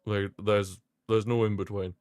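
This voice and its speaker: A man's voice: on the low side, measured pace, smooth, dry recording, studio quality. Chatty man commentating football. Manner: chatty, repeats phrases, excitable bursts. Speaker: football watchalong streamer. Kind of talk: casual live match commentary.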